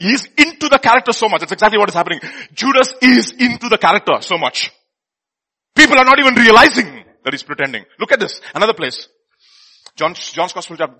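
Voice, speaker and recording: Guy preaching a sermon, kinda high husky voice, gets loud then drops to almost a whisper. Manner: animated, swings from loud exclamations to near-whispers.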